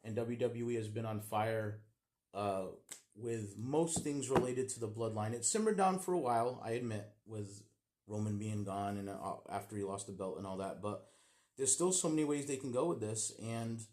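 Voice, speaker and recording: A man giving a casual, animated play-by-play recap of a wrestling show, with plenty of fillers. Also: lowish voice, normal speed.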